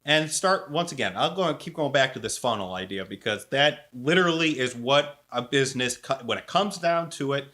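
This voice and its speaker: Brief: male co-host, bright forceful tone, emphatic, repeats his points. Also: mid-range voice, expressive, moderate pace, few pauses. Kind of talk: casual conversation.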